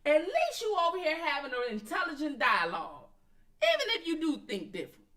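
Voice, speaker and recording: A high, bright woman, hosting a commentary stream. She talks in blunt, profane bursts and answers her chat directly. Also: wildly swooping pitch, fairly quick. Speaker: commentary channel host. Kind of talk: casual commentary, addressing viewers and chat.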